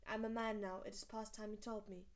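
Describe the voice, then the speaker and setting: A woman's voice: mid-range voice, little pitch movement, fairly quick, lightly acted. A woman reading aloud, voicing an earnest, troubled young man in her own voice.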